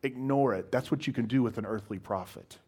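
A man's voice: lowish voice, quick pace, dark tone, breathy edge. Man preaching a casual, joking sermon. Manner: wry, self-deprecating humor with frequent restarts. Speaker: pastor. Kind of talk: conversational sermon.

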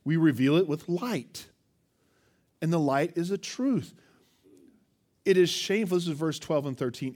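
A man's voice: a little high, a little slow, long pauses. A male pastor preaching a sermon, telling stories with animation and asking the congregation questions. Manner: animated storytelling, acts out quotes, asks the listeners questions.

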